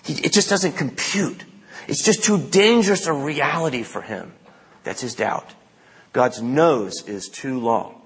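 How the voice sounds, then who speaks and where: Husky-voiced pastor in an echoing hall. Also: male voice, medium pitch, a little slow, a bit bright. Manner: conversational storytelling with acted-out quotes. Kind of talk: sermon. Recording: long reverb of a large hall.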